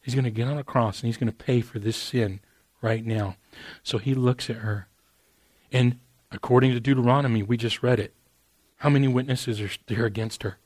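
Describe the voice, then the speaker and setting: A man preaching a sermon in a casual, earnest way, dropping "man" into his sentences and moving from hushed stretches to raised, emphatic ones. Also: medium pitch, fairly even intonation, moderate pace, dry recording. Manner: conversational and earnest, with repeated "man"; swings from quiet intimate passages to raised emphatic ones. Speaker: pastor.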